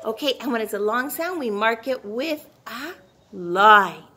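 A woman's voice: on the high side, lively intonation, a little slow, sharp tone, a little hiss or hum. A woman teaching a phonics lesson to young children, cheery and encouraging, drawing out each sound.

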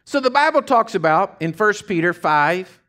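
A man preaching a folksy, animated sermon as pastor of a church. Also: high voice, normal speed. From Texas.

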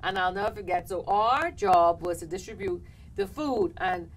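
A woman hosting a talk show, telling a story in an animated way and acting out what people said. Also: medium pitch, moderate pace, a little hiss or hum, low-quality recording. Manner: animated, laughing, acts out quotes. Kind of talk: casual storytelling chat.

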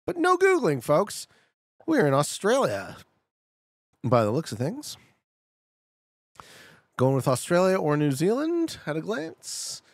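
Male streamer, chatty and excitable, gravelly voice, very lively pitch, dry close sound. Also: slow, pauses often, dry recording. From Canada. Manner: chatty, talks to chat, excitable outbursts. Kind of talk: casual live-stream commentary.

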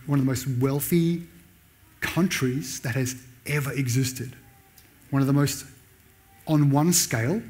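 A man preaching a sermon in a church, raising his voice sharply when he reads out sarcastic lines. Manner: animated preaching, pitch jumping up when voicing Paul's sarcasm. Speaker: pastor.

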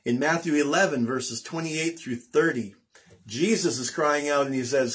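A man giving a gentle devotional talk, slowly reading scripture verses aloud. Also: on the high side, husky. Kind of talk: devotional talk then singing.

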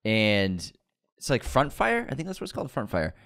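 A man's voice: on the low side, wildly swooping pitch, normal speed, a bit bright, smooth. A man co-hosting a casual movie news podcast, rambling and wry, laughing often. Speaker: podcast co-host.

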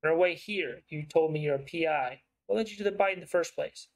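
A man voicing a shrewd, persuasive investigative writer in a story game, with a smooth, probing way of talking. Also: a little high, fairly quick, lightly acted, rough recording.

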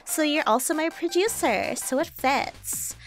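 A woman reading lines as a needy, anxious young woman streamer in a rushed, self-deprecating way. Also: extremely high pitch, expressive, creaky, a bit bright, faint music behind, voice pushed up, exaggerated voice. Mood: clingy. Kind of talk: reading game dialogue aloud.

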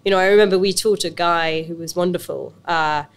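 Speaking a little fast in a smooth, fairly low voice, this British woman chats as a guest in a relaxed interview. She's an actress and business owner, and her storytelling is lively, full of fillers and false starts.

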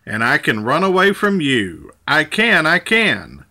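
A man's voice: fairly high pitch, huge pitch swings, a little slow, sharp tone, heavily acted. A man doing a boastful, taunting gingerbread man. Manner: bragging, sing-song taunts. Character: boastful cheeky runaway gingerbread cookie boy. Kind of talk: children's storybook read-aloud.

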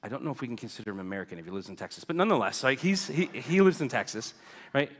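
A man's voice: medium pitch, expressive, very fast. Chatty man in a reverberant church. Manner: chatty, keeps asking "right?", acts out quoted people. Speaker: guest speaker reporting on mission work. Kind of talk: casual, joking church talk with slides. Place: church sanctuary. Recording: church hall with long reverb.

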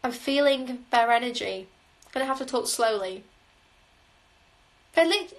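A woman with a somewhat high voice talks through a tarot spread on a livestream. She sounds musing and intuitive, pausing on "um" as she reads each card. The sound comes through a phone mic. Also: expressive, low-quality recording. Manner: musing, intuitive, frequent "um" fillers. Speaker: tarot reader. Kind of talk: live tarot reading.

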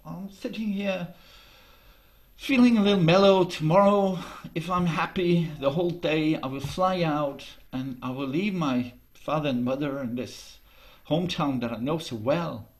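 A man voicing a soft-spoken, wistful young man. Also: fairly high pitch, measured pace. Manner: soft and hesitant, stammering.

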